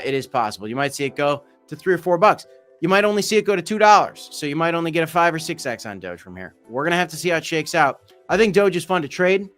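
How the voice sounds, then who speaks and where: A man's voice: fairly high pitch, a bit bright, clean tone. A man hosting a casual livestream, reading chat comments aloud in a loose, jokey, rambling way. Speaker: host of a crypto livestream.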